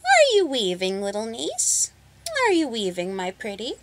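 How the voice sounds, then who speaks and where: A woman voicing a wicked old witch who eats children, with a squeaky and falsely sweet manner in a storybook reading. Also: huge pitch swings, a little slow, full character voice.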